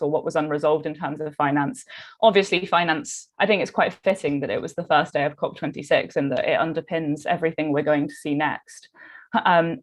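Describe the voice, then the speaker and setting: Brief: lower-pitched woman moderator on a video call, chatty, meandering questions full of ums and likes. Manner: rambling questions with many fillers. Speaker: host and moderator. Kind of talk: live online discussion.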